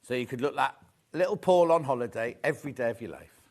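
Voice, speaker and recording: Speaking fast in an animated, medium-pitched voice with a darkish tone, a middle-aged man hosts a live sewing shopping program. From the TV studio, he gushes about fabrics and teases the crew with chatty back-and-forth.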